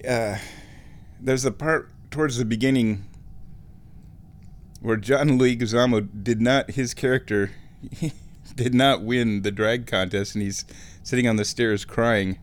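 A man from Omaha, Nebraska, telling a rambling, nostalgic story in a casual monologue, chuckling often and clearing his throat. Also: mid-range voice, a little slow, pauses often. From Omaha, Nebraska, USA.

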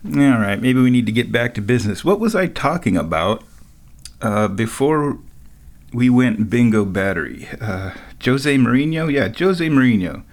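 A man's voice: medium pitch, animated, normal speed. A middle-aged man talking in a rambling, casual monologue, often laughing at his own stories and tossing in sarcastic asides. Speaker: vlogger.

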